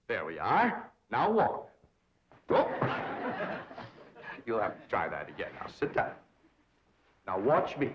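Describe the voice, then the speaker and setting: Pompous, theatrical society dandy. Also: male voice, fairly low pitch, huge pitch swings, slow, pauses often, full character voice. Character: pompous young society man tutoring a country girl. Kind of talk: 1960s sitcom acting. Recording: dull 1960s TV soundtrack with faint hiss.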